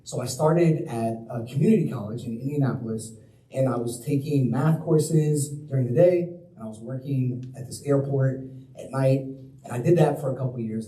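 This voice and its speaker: A man's voice: medium pitch, dark tone. A young man giving a public talk as a guest speaker, telling his own story in a casual, conversational way. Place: planetarium lecture hall. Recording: roomy hall, mic at a distance.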